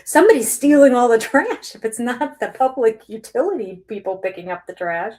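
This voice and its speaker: A woman's voice: on the high side, fairly quick, few pauses. Older woman telling a chatty story. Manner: chatty, animated retelling of phone calls with laughs; acts out both sides of conversations, dropping to a near-whisper at times. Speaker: vlogger. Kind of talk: casual storytelling vlog.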